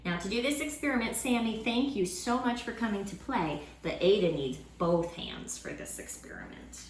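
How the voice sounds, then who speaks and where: A woman's voice: mid-range voice, normal speed. Sunday school lady teaching kids at home, upbeat and encouraging, echoey room with a faint hum behind. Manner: lively, encouraging, speaks to children. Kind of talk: children's lesson. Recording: roomy room sound with faint ambience.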